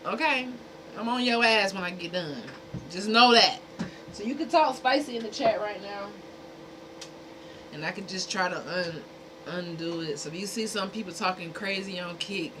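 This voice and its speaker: Woman streamer, blunt and exasperated, casual talk to chat, mid pitch, noisy background. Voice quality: speaking from a dentist's perspective. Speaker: livestream host.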